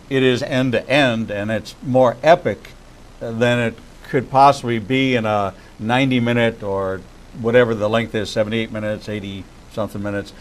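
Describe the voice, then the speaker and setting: A man from Pittsburgh hosting an interview, asking questions in a measured, deliberate way. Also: medium pitch, rough recording. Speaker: interview host.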